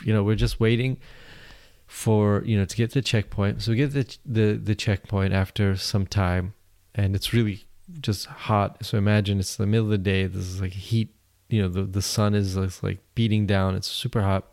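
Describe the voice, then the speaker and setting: A man's voice: on the low side, little pitch movement, normal speed, darkish tone. A man hosting a podcast, telling a travel story in a rambling way with many fillers and restarts. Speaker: podcast host.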